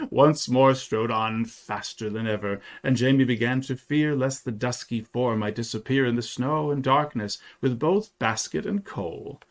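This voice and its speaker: A man reading a 19th-century story aloud, telling it in an expressive, dramatic way. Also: mid-range voice. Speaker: reader.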